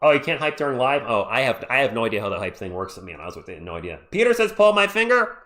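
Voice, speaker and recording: A man hosting a live play-by-play stream, calling the action and chatting with viewers in an excitable, jokey way. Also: mid-range voice, fast. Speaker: livestream play-by-play host. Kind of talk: live play-by-play with chat reactions.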